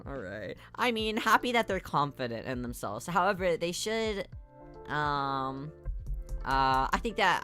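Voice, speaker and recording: A woman's voice: sits low, pushed and bright. A woman streamer chatting casually and rambling, laughing often between thoughts. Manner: rambling, giggly, mock voices. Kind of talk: casual live-stream chat.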